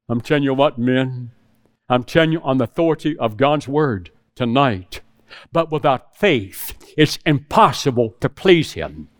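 A man's voice: medium pitch, expressive, measured pace. A middle-aged man preaching a sermon to a room of men, telling a personal story and acting out the phone calls in it. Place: church hall with audience.

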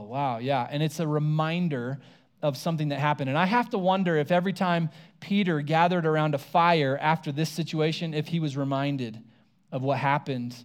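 Conversational preacher with a slightly high voice. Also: male voice, clean tone. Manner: casual conversational preaching, acts out quoted lines. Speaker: pastor. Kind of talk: sermon.

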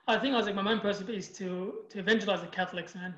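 A man's voice: sits high, steady tone, rapid-fire, fairly bright tone, roomy sound, highs cut off. A man born in Iraq, a youth group leader, talking as a guest in an emphatic, passionate way and often quoting himself. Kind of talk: casual interview storytelling.

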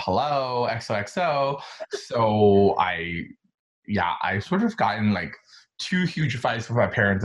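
A man in his thirties from China, telling his life story in a casual interview, talking in an animated, chatty way with lots of fillers. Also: lowish voice, poor audio. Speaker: interview guest, designer.

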